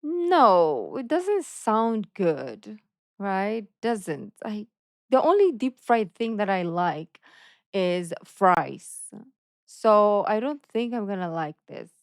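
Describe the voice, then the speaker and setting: A woman from the Philippines hosts a reaction video and thinks out loud in a slow, unhurried way. Her voice is mid-pitched and recorded dry and close, and she talks herself in circles with playful indecision. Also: very animated, dry recording. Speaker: reaction channel host. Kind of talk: casual reaction commentary.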